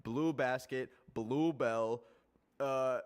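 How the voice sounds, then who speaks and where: A young man from Canada talks casually to his stream chat in an animated rant. He rambles, swears often and leans on filler words, with a voice that sits at an ordinary middle pitch. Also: drawn-out words, clean tone.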